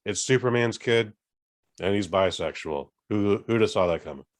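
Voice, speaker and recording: A man's voice: fairly low pitch, moderate pace. A man co-hosting a podcast in casual chat, blunt and emphatic, swearing as he rants. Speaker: podcast co-host.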